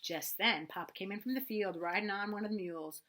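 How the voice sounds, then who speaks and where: A woman reading a children's novel aloud with expressive, animated narration. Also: mid-range voice, brisk, few pauses. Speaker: reader. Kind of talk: storybook read-aloud.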